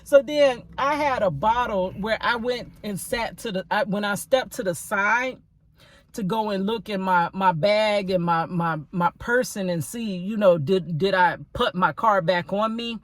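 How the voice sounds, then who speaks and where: A woman's voice: mid-range voice, a little slow, no echo. A woman casually telling a story on a podcast, animatedly acting out both sides of an argument.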